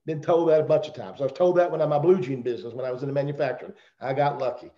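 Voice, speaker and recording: He talks rapid-fire, his fairly high voice steady and dark in tone. This middle-aged man with a Southern accent is a guest on a company call, delivering a rambling, jokey motivational talk over roomy, dull video call audio.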